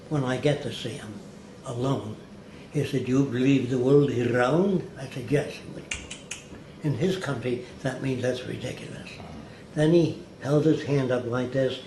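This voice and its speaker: Here a man of medium pitch, talking at normal speed, recounts anecdotes while a guest in an interview. He's a lively storyteller who acts out whoever he's quoting, and the audio has room echo plus a faint hiss.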